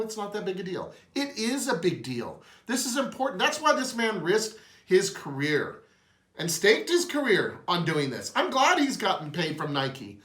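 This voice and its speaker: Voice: mid-range voice, fairly bright tone. Impassioned speaker in an echoey room. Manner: earnest, impassioned, emotional. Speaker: host. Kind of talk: opinion monologue.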